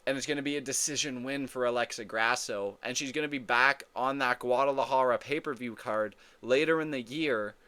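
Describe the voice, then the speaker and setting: A man hosting a casual fight breakdown, talking in an excitable, profane way and often repeating and correcting himself. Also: mid-range voice. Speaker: MMA fight predictions host.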